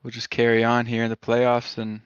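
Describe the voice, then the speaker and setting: Hesitant driver over a dull voice chat. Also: male voice, medium pitch, monotone, normal speed, clean tone, no echo. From Canada. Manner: hesitant, with many fillers. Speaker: racing driver being interviewed. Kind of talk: post-race interview.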